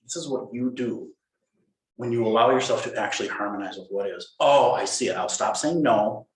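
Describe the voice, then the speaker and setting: A man giving a dharma talk as a Zen teacher, playful and animated, acting out inner voices. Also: mid-range voice, moderate pace. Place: meditation hall. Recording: roomy hall echo.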